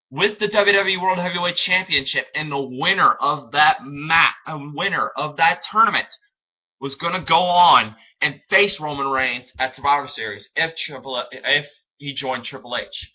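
Excitable young man rambling, lo-fi sound. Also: a little high. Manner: rambling, excitable, stumbles over words. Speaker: wrestling fan vlogger. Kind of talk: casual solo commentary. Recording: dull lo-fi home recording.

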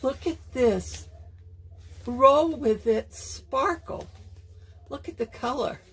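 A woman's voice: high-pitched, takes it slowly, a bit bright, slightly rough. An older woman from Florida, chatting casually and gushing as she unboxes yarn at her sewing table, with many ums. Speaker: craft vlogger.

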